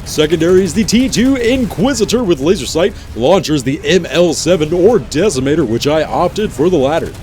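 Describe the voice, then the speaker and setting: A man's voice: a little high, animated, moderate pace, hardly any pauses, darkish tone, slight background noise. A man hosting a gaming video in a playful, jokey commentary style with teasing asides. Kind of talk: casual game commentary.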